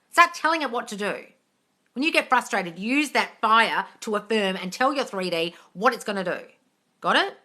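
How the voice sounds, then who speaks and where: Bright, blunt, sweary woman coach. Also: mid-range voice, expressive, moderate pace. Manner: blunt and sweary, calls viewers darling. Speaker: manifesting coach answering live chat questions. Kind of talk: casual live-stream Q&A. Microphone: phone on a live stream.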